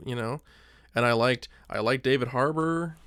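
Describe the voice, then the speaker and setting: Animated man in casual chat. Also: medium pitch, dry recording, clean studio sound. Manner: animated, fills every pause with "like", acts out his own thoughts in quotes. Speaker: podcast co-host.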